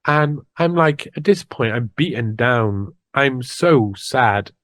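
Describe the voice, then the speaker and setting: A man giving a personal account in an interview, halting and restarting as he replays past conversations. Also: mid-range voice, animated, fairly bright tone, no echo.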